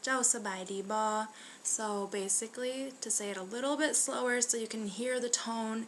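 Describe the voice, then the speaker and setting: A woman's voice: fairly high pitch, fairly even intonation, slight background noise. Chatty young woman teaching basic phrases. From United States. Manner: friendly, chatty, slows down to sound out words. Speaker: language teacher. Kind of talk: casual vlog-style language lesson.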